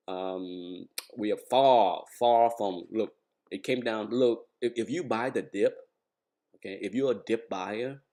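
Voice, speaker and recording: Rambling, emphatic man talking markets. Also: on the low side. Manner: rambling, emphatic, repeats words for stress. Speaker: trading educator. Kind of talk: casual market commentary over charts.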